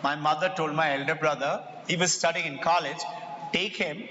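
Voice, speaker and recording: Middle-aged indian guy, school head talking to parents, high bright voice, lots of hall echo. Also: a little fast, dull audio, a little hiss or hum. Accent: Indian English. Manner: animated storyteller, acts out quoted voices. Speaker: school president addressing parents. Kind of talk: motivational talk with personal stories. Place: large hall before an audience. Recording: echoey hall, faint ambience.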